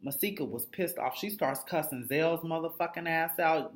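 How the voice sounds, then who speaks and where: A man's voice: fairly high pitch, moderate pace. A man giving a casual, profanity-heavy recap of a reality show episode, blunt and gossipy, slipping into the voices of the people he describes. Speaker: TV recap reviewer.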